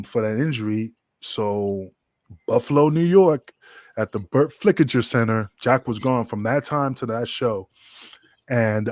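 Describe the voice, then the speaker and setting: A man's voice: medium pitch, darkish tone, no room sound, clean studio sound. A man, a guest wrestler, telling a long, rambling, profane backstage story in an interview. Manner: rambling, profane, full of fillers.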